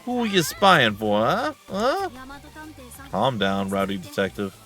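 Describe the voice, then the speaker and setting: A man's voice: on the low side, huge pitch swings, unhurried, fairly bright tone, soft background music, exaggerated voice. A man voicing a brash, street-talking teenage girl who speaks in tough slang. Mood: aggressive. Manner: slangy tough-guy talk.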